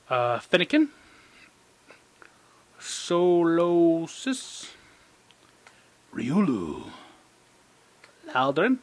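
A man with a mid-range voice talks through card packs in an excitable, rambling way. He breaks into squealing delight and mocks himself in quick asides. He is indoors, under an overhead light. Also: mid-range voice. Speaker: channel host. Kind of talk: casual card-pack opening commentary.

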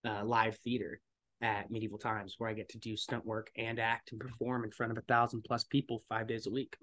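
Lively storytelling man. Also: fairly low pitch, fairly quick. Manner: lively storyteller, acts out other people's lines loudly. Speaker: voice actor and stuntman guest. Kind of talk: animated storytelling in a podcast interview.

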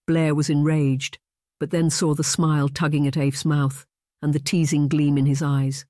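Measured audiobook narrator, mid pitch, dry close recording. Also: little pitch movement, warm tone, no room sound.

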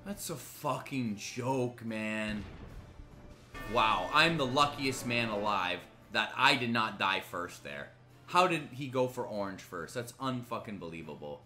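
A man streaming a strategy game live, ranting angrily with heavy swearing, swinging between loud outbursts and low muttering. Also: lively intonation, slow, soft background music. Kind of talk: live gaming commentary.

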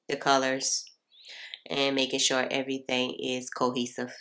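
Low-voiced congested woman chatting makeup. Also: gravelly. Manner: chatty, relaxed, addresses viewers as y'all. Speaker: beauty vlogger. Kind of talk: casual makeup tutorial voiceover.

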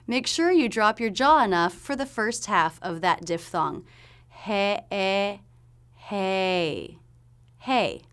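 A woman giving a pronunciation lesson, explaining sounds clearly and demonstrating them slowly. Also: mid-range voice, big pitch swings, fairly bright tone. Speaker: pronunciation teacher.

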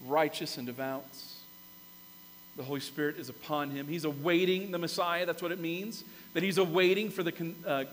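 A man with a fairly high voice preaches in a church sanctuary, retelling a story with animated emphasis that climbs to loud peaks. The room gives a long reverb, and a faint hum sits under his voice. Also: moderate pace. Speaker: pastor. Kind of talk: sermon.

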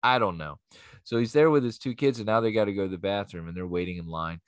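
A man tells a rambling comic story, swearing freely and jumping into quoted voices. His voice sits low, and the recording is dry and close. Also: quick pace, no echo. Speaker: comedian host.

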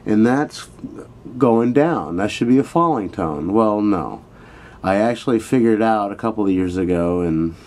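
A man with a very low voice gives a loose, chatty video lesson. He addresses his viewers directly and keeps reaching for fillers as he explains. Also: darkish tone. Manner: rambling, filler-heavy and chatty. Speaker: online Thai language teacher.

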